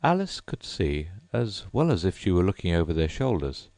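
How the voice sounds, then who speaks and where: A man reading a classic storybook aloud as an audiobook narrator, in an expressive storytelling manner. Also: sits low, normal speed, no echo. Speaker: audiobook reader. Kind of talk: scripted narration.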